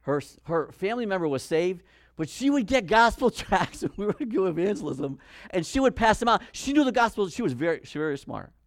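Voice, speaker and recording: A male preacher giving a sermon, animated, acting out Bible figures in quick voices. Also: high-pitched, no echo, studio quality.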